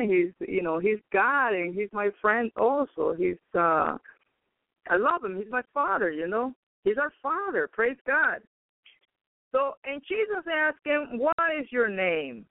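A man's voice: sits high, dry recording. A man preaching on a radio program, telling his story in a rambling way, with frequent cries of praise and calls to his brothers and sisters. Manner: rambling, peppered with praise interjections. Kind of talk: radio sermon testimony. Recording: tinny phone-like radio line.

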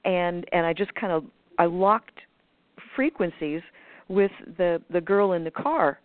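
A lower-voiced woman talks through her ideas in a loose, rambling way, full of fillers, restarts and quick acted-out asides. Her voice comes through a tinny, dry phone line. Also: no echo. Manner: acts out others' voices in quoted asides. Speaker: guest speaker on manifestation. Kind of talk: conversational explanation over a call.

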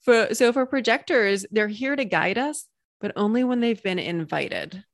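A woman's voice: mid-range voice, animated, a little slow, dry recording, studio quality. A woman coach appearing as a guest in an interview, explaining her ideas in an enthusiastic way with vivid examples and little stories. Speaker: Human Design coach, guest.

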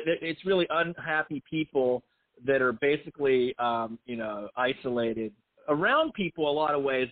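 A middle-aged film writer and director chats casually in an interview, rambling, putting himself down, and restarting often. His voice is mid-range, and the dry recording sounds tinny, like a phone line.

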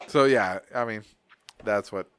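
A man's voice: on the low side, measured pace, smooth, no echo. A man hosting a podcast, telling stories in a rambling, profane, slangy way. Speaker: podcast host. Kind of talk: casual chat.

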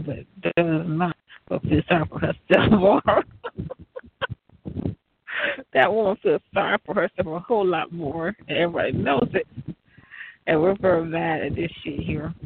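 Raspy high-voiced man on a tinny line. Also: slight background noise. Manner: profane, rambling, laughs often. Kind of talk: rambling monologue. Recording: tinny phone-like line, dry.

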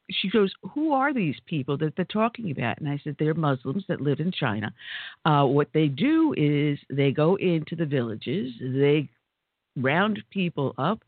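A woman's voice: deep voice, no echo. A woman hosting a conservative talk radio show, chatty and telling stories with exclamations. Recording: tinny phone-like line.

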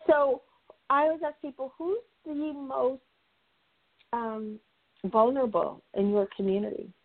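A woman's voice: high voice, steady tone, unhurried. Woman consultant talking, emphatic and repeats herself for stress, sounds like a phone line. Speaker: guest, nonprofit consultant and facilitator. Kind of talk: conversational discussion.

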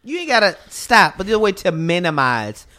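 A man with a high, ringing voice co-hosts a comedy sports podcast recorded at a live event. He tells stories with animated energy and often laughs at his own jokes. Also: brisk. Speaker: podcast co-host. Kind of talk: comedic sports talk chat.

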